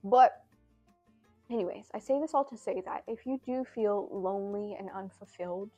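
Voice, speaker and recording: A woman's voice: medium pitch, moderate pace, mellow, faint music behind. A young adult woman vlogging from home in a casual, rambling, self-deprecating way, with lots of fillers. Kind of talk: casual chat to camera.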